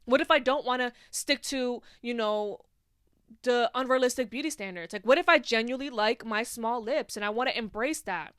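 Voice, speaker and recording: Bright, clear-voiced young woman ranting. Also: on the high side, moderate pace, dry recording, studio quality. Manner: passionate, profane, heavy use of filler "like". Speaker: podcast host. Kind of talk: casual solo podcast monologue.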